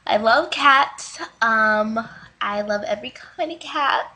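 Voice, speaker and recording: An actress playing a nervous woman recording a dating video who keeps crying over her love of cats, with a hesitant, halting delivery. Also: on the high side, bright, forceful tone, heavily acted, poor audio. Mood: tearful. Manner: nervous, hesitant, breaks into sobbing. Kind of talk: comedy sketch video.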